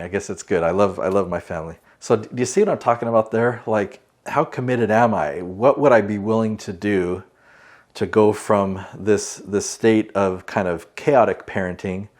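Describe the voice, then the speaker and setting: A middle-aged man coaching business owners in an earnest, chatty lesson to camera. His voice sits somewhat low. He restarts phrases often and slips into short role-played exchanges with an imagined client. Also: a little mellow. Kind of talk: instructional talk to camera.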